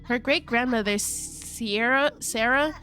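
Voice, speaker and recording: A woman's voice: on the high side, slow pace, faint music behind. A woman streamer reading a game's text aloud, breaking off into playful asides and stifled giggles, keeping her voice down at night. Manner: giggly, playful asides, stumbles over words; holding back laughter, kept quiet at night. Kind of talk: reading a game aloud with casual commentary.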